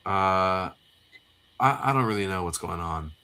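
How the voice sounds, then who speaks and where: A man's voice: low voice, expressive, measured pace, bright, forceful tone, clean tone. A man co-hosting a casual comic read-through livestream, recapping the plot in a rambling way with many fillers. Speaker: co-host.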